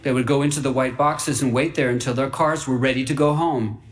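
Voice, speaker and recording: A man reading a fable aloud for radio in an earnest, wide-eyed way, dropping to hushed whispers and rising into excited bursts. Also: mid-range voice, brisk, background noise. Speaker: story reader.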